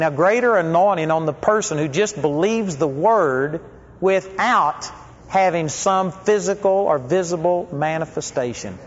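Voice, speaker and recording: Man, preacher, high voice, conversational sermon, questions the congregation, dull lo-fi recording. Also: a bit bright. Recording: echoey hall, dull lo-fi sound.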